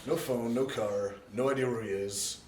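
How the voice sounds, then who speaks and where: A man's voice: mid-range voice, moderate pace, echoey room, far from the mic. A man in casual conversation as an interview guest, chiming in with short details and laughing.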